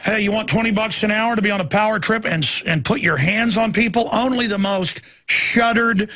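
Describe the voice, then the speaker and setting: Raspy guy ranting on his talk show, kinda high and sharp, hoarse edge. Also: moderate pace. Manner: ranting, emphatic, jumps between stories. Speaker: radio talk show host. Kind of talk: heated monologue.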